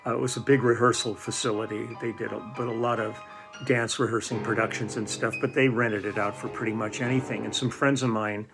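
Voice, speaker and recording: A man's voice: lowish voice, level tone, a little fast, vocal fry, over music. An older man telling stories in a casual, rambling way, with many fillers and restarts. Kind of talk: casual storytelling.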